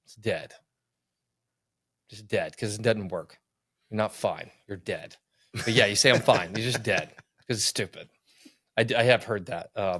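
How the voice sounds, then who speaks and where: A middle-aged man telling a personal story in casual conversation, earnest and animated, acting out what people said. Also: on the low side, dry recording, studio quality. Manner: earnest, animated, acts out quotes.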